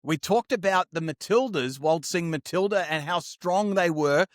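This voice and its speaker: A man's voice: on the high side, normal speed, no room sound, clean studio sound. A man co-hosting a sports podcast, chatting upbeat and slangy about the week's games. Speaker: podcast co-host. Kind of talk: casual sports chat.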